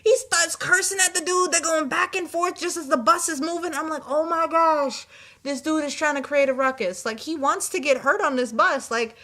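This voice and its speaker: Bright-voiced young woman telling a story. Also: high-pitched, normal speed. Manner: animated, exasperated storytelling with quoted asides. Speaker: vlogger. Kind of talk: casual storytelling.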